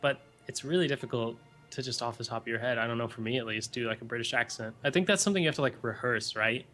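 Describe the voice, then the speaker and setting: A man's voice: medium pitch, fast talker, pushed and bright, faint music behind. A young man giving earnest, analytical color commentary on a live esports match.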